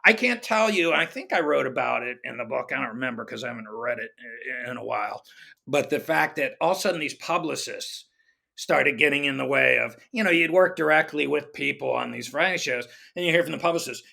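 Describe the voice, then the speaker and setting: Man, middle-aged, gravelly, bright, animated storyteller, acts out quotes. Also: a little high. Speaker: guest comedy writer. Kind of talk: conversational storytelling.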